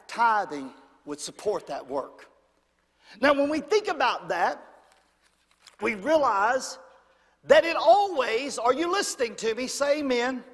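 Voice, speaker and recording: In a church sanctuary with long reverb, a man with a very high, fairly bright voice preaches a sermon. He leans on call-and-response, demanding that the congregation say amen.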